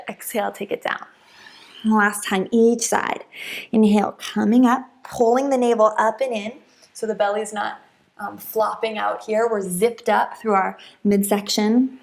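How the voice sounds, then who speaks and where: A woman guiding a yoga flow in a calm, encouraging voice. She paces her cues to the breath and fills the pauses with soft hums. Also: medium pitch, creaky. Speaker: yoga instructor. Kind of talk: guided yoga class instruction.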